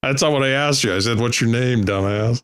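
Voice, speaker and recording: A man's voice: medium pitch, fairly quick, fairly bright tone, clean tone. A man co-hosting a podcast, chiming in with short wisecracks in casual chat. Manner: wisecracking, short interjections and jokes. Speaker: podcast co-host.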